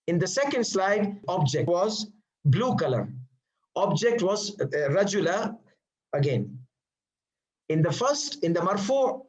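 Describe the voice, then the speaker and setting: A man's voice: high voice, poor audio. A man teaching Arabic grammar in English, posing questions and answering them himself with patient repetition. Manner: repeats terms patiently, many fillers. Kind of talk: classroom lecture.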